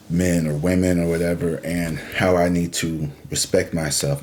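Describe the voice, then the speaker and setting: A man's voice: rumbling low, darkish tone, slight background noise. A man giving a casual tarot reading, talking in a laid-back, chatty and reassuring way with the odd curse word thrown in. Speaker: tarot reader.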